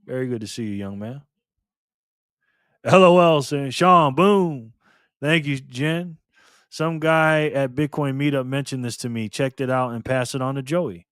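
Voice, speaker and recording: A man hosting a casual livestream, calling out viewers and donations with upbeat shout-outs. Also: mid-range voice, measured pace, clear, resonant tone, dry recording, clean studio sound. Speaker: livestream host.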